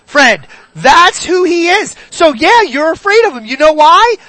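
A preacher delivering an animated sermon, firing questions at the congregation and swinging between loud bursts and hushed asides. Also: extremely high pitch, normal speed, no echo.

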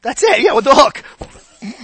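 An animated preacher delivering a sermon, with a bright, forceful voice that swings widely up and down in pitch. The delivery is conversational and hammers points home by repeating phrases. The sound is close and dry. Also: moderate pace, husky, no room sound.

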